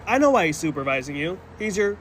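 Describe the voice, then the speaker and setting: A man with a rather high voice recounts his own experience as casual first-person storytelling. He sounds earnest and still shaken, and he speaks in a quick retelling manner. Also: sing-song, background noise. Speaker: storyteller in a social media clip.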